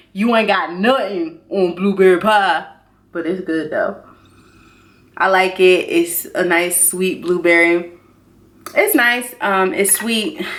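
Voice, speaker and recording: A woman chatting casually through a candle haul review, excitable and talkative, jumping up high when she gushes. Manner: chatty and excitable, says y'all, jumps high in pitch when gushing. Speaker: beauty and candle vlogger.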